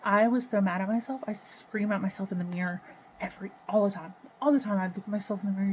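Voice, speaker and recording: A woman talking unscripted to her camera about her own life, halting and emotional, swearing and sighing often. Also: medium pitch, steady tone, slight background noise, rough recording. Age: adult with children. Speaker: vlogger. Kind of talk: raw unscripted personal talk to camera.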